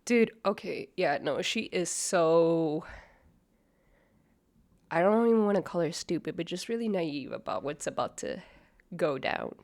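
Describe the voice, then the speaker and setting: A young woman with a lowish voice, a little nasal from being sick, talks slowly through her reaction commentary. She is gossipy and judgmental, full of ums and swearing. The sound is dry and close. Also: lively intonation, a little mellow, no room sound. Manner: chatty, judgmental, lots of fillers and swearing. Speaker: reaction video host. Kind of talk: casual commentary.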